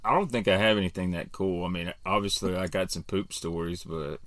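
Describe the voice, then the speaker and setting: A man in his thirties telling a long fishing story in a casual, animated way, with swearing and self-deprecating asides. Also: low-pitched, brisk, crowd noise. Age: 30s. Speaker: podcast panelist.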